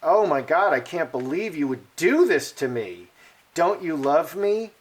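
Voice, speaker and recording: A man's voice: a little high, big pitch swings, unhurried. A man quoting an emotional young woman who plays the victim, in a pleading, self-pitying tone that stays close to his own voice.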